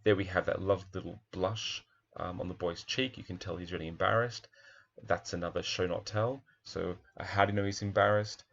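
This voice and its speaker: A man's voice: low-pitched, fairly even intonation, fairly quick, creaky, fairly bright tone, highs cut off. A male primary teacher talking through a children's picture book, reflective, with many fillers and restarts.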